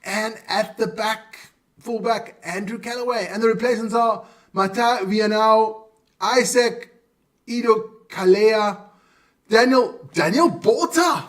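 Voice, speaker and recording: A man's voice: sits high, slow pace, a bit bright, far from the mic. Chatty man hosting a solo live stream. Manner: chatty, stumbles over player names. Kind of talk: casual live-stream chat.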